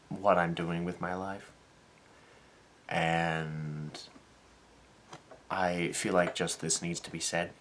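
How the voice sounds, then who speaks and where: A young man talking casually in a vlog, acting out the people in his story with a lively, animated delivery, and turning soft and earnest when the talk gets serious. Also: low voice, a little hiss or hum. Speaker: vlogger and dance teacher.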